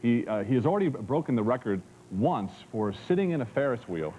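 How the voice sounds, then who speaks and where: A man's voice: medium pitch, big pitch swings, a little fast, dull audio, background noise. A man co-hosting a TV talk show, joking around and stammering over his words. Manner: stammering, jokey, repeats words. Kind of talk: jokey TV talk chat.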